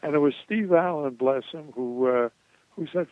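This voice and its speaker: A man's voice: fairly high pitch, moderate pace, no echo. An older man, a guest in an interview, rambling through anecdotes with many fillers and restarts. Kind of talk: interview storytelling. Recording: tinny phone line, dry.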